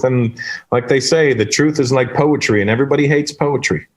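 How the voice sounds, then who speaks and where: A male comedian tells stories in a loose, animated conversational way. He keeps slipping into quoted voices to act out scenes, and his voice sits in an ordinary middle range. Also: mid-range voice, brisk. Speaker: stand-up comedian, guest. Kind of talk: casual storytelling in conversation.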